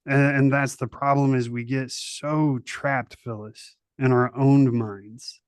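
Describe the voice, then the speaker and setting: Male podcast host, relaxed and slangy, dry close sound. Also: mid-range voice, slow pace, hardly any pauses, clean tone, no room sound. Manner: laid-back and slangy, with lots of fillers. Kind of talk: casual interview chat.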